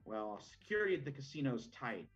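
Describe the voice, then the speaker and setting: A smooth older mob boss who lays out his plans slowly and deliberately, played by a man running a tabletop game. The voice sits at a middling pitch with a husky edge. The recording is muffled and lo-fi, with faint music underneath. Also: very animated. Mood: scheming. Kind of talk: tabletop role-play.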